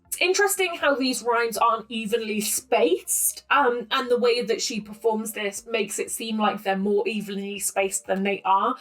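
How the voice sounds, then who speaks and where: A woman hosts her own poetry analysis channel, talking casually to her camera at home. She sounds chatty and opinionated and fills her thoughts with ums. Her voice sits a little high, and faint music plays in the background. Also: fairly bright tone, low-quality recording. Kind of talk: casual close-reading commentary.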